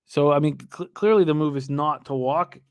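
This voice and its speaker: A man's voice: fairly high pitch, moderate pace, darkish tone, smooth, no room sound. Chatty man reading out betting comments. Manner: hesitant, many restarts, reads viewer comments aloud. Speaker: sports betting show host. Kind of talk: casual live-stream betting talk.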